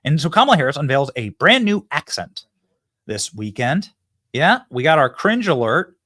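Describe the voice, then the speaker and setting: Addressing viewers directly, a man hosting a political commentary show rants emphatically and repeats himself often. His slightly high voice is very animated, bright and forceful, at a moderate pace, and the recording is studio quality without echo.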